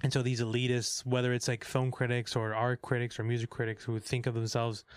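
A young man co-hosting a podcast, chatting casually about movies, animated and swearing, acting out scenes in quick bursts. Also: mid-range voice, no room sound, studio quality. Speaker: podcast co-host. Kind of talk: casual movie review chat.

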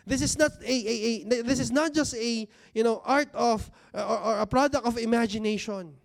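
Very high-pitched and marked by vocal fry, a man's voice carries a sermon through a church hall to a seated congregation. He keeps it conversational, throws out rhetorical questions, and emphasizes key words with slow, elongated delivery.

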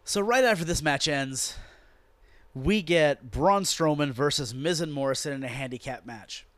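A man's voice: a little high, normal speed, no room sound. Sweary, exasperated man recapping wrestling. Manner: exasperated, sweary, animated storytelling. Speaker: podcast host. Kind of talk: profane wrestling recap rant.

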